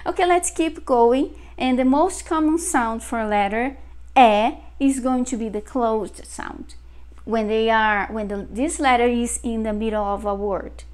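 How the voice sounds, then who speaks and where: A woman with a Brazilian Portuguese accent, a native Portuguese speaker, teaches an online lesson patiently and repeats each example. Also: a little high. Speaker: language teacher.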